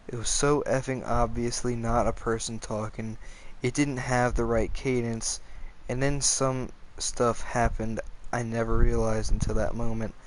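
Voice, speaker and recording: A man narrating a frightening tale in an offhand, conversational way. His voice sits at an ordinary middle pitch. He breaks off into side comments and bends his swearing into mild stand-ins. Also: a little hiss or hum, poor audio. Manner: casual, swears with softened words, goes off on tangents. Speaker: storyteller reading scary stories. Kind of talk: casual narration of a scary story.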